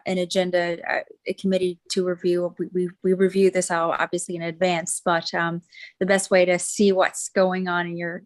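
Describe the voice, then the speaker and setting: A woman serving as deputy mayor, giving a committee report at a council meeting in a halting way, with frequent fillers and restarts. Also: fairly low pitch. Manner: hesitant, many fillers and restarts. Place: council chamber.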